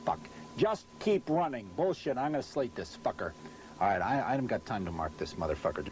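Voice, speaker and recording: A frustrated announcer swearing nonstop and barking at the crew during a commercial recording session. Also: male voice, medium pitch, big pitch swings, fairly quick, darkish tone, slight background noise. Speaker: voice-over announcer. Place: recording set with hot lights and a car.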